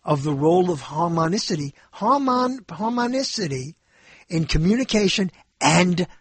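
A man's voice: sits high, lively intonation, moderate pace, husky, no echo. A male show host talking in a casual, rambling monologue, joking and often stumbling and correcting himself.

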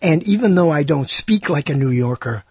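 Older New York man hosting radio talk, rambling and theatrical, husky, fairly high, dry sound. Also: lively intonation, normal speed, dry recording. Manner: rambling, self-mocking, theatrical. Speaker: radio show host. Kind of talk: casual monologue.

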